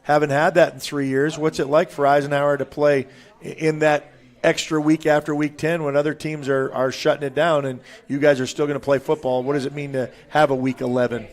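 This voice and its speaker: A man's voice: a little high, flat delivery, a little fast. A man hosting a local sports show from a restaurant, chatting casually with players and coaches. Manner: chatty, asks players questions, trails off. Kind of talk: casual interview. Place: restaurant in a mall.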